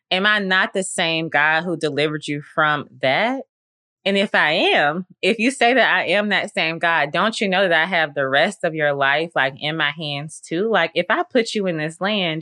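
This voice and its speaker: A woman voicing God as a calm, patient, reassuring presence. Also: sits low.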